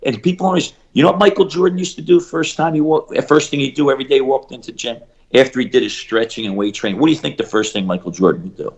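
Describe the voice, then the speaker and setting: A middle-aged man, a shooting coach, telling stories in an animated interview and acting out the people he quotes. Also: medium pitch. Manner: acts out quoted voices, fast bursts and emphatic repeats.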